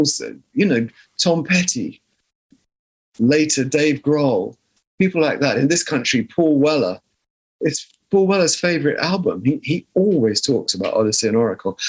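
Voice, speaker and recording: A man's voice: medium pitch, slightly rough. Older man with a southern English accent. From southern England. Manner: reflective, storytelling with frequent restarts. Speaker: guest musician. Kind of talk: conversational interview.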